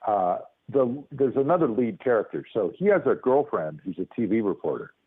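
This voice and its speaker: Animated man telling stories over the phone. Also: on the low side, a little fast, husky. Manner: lively, acts out voices, restarts often. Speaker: guest, lawyer and comedian. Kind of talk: animated storytelling on a phone call. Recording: tinny phone line.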